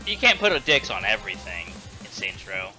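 Lively bright-voiced man joking. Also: fairly low pitch, a little fast, faint music behind, poor audio. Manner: laughs often, crude joking. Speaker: gamer. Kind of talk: casual chat while gaming.

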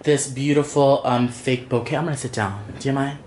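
A man's voice: medium pitch, fairly even intonation, brisk, a little mellow, a little hiss or hum. A man chatting as a beauty vlogger on a casual room tour, gushing and peppering his talk with "like" and "y'all", at home in a small room.

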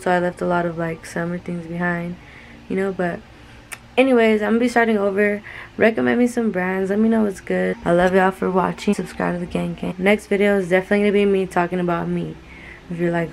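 Slangy Californian young woman, low voice. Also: gravelly, slight background noise, poor audio. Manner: relaxed and slangy, full of "like" and "bro". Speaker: vlogger. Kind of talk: casual vlog chat to camera. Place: in a car, then a restaurant. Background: loud music.

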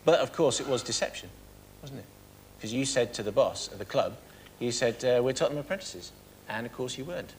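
A man's voice: mid-range voice, animated, brisk. An English man hosting a TV game show, questioning guests in a playful, mock-stern way. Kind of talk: teasing studio presenting. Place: TV studio with live audience. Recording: loud studio crowd and noise.

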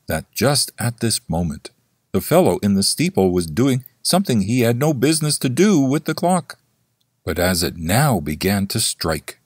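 Husky man narrating an audiobook. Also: mid-range voice, no echo, clean studio sound. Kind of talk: scripted horror story narration.

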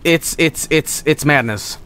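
A man's voice: a little high, measured pace, smooth. A man from Sweden, casually commentating a video game, joking, swearing and putting on silly voices. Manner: jokey, profane, animated, puts on silly voices. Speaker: streamer.

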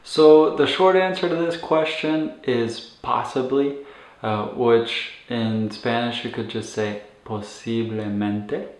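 Man, relaxed teacher, slow measured speech, mid pitch, many fillers, roomy echo. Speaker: medical Spanish teacher. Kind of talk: casual teaching. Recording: echoey room.

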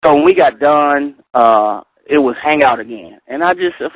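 A middle-aged man leading a Bible study, reading verses slowly and carefully, then telling personal stories with animated delivery. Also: mid-range voice, dry recording. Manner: animated storyteller, reads scripture slowly and carefully. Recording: tinny phone line, dry.

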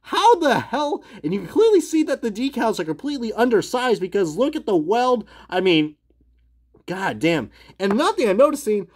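A man ranting in a profane, comic review, swearing and laughing at his own jokes while he swings between outbursts and low mutters. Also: big pitch swings, moderate pace. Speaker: die-cast car reviewer. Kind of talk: profane comedic review rant.

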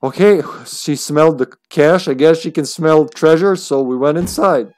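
Chill streamer reading out a text game, swears a bit, mid-pitched voice. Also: moderate pace, few pauses, darkish tone, soft background music. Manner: laid-back, laughing, casual swearing.

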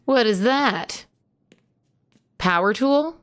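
A woman's voice: a little high, expressive, extremely slow. A woman streaming a horror game live, chatting to viewers, yelping at jump scares and swearing casually. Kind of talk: live horror gameplay commentary.

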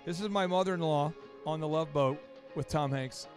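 A man's voice: on the high side, moderate pace, faint music behind. A man hosting a business podcast, bantering playfully in casual chat. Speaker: podcast host.

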